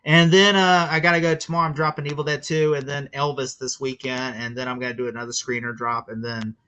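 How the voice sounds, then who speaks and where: A young man chatting casually as a guest movie reviewer, animated and full of fillers, mocking what he quotes. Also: mid-range voice, fast talker, smooth. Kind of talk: casual podcast chat.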